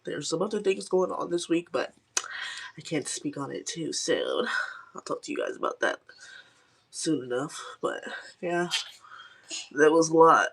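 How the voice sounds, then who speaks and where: A woman's voice: sits low, animated, a little slow, creaky, pauses often, breathy edge. A young woman hosting a live stream, chatting candidly with viewers in a rambling way with lots of fillers. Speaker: livestream host. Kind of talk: casual live chat with viewers.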